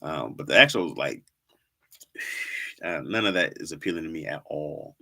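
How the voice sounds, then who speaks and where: Very deep and touched with vocal fry, this man's voice is bright, forceful and animated, yet unhurried. On his casual livestream he speaks straight to viewers, teases them by repeating words for laughs, and says "y'all" often.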